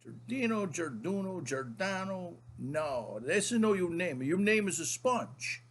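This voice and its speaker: A man putting on a gruff old grandfather. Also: high voice, sing-song, slow, a little hiss or hum, pitched above the performer's own voice, exaggerated voice. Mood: teasing.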